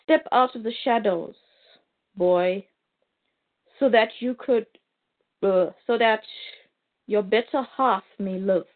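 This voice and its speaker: A woman voicing a cold, menacing male alien machine in a slow, formal way, on a tinny line. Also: mid-range voice, lightly acted. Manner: slow, formal, unhurried delivery.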